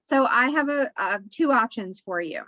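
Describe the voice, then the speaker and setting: A woman's voice: on the high side, animated, normal speed, pushed and bright, no room sound, lo-fi sound. A woman guest on a podcast giving a spiritual wellness talk, in a coaching tone that keeps checking in with "right?". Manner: repetitive, coaching tone with frequent "right?".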